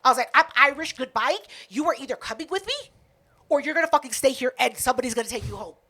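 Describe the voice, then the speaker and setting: A woman's voice: sits high, animated, fast, pushed and bright, slightly rough. A woman co-hosting a podcast, retelling a night out in a casual, profane chat full of quoted back-and-forth. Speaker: podcast co-host.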